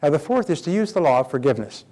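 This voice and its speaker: An older man giving a motivational seminar talk, animated, acting out quoted speakers as he tells stories. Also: a little high, very fast.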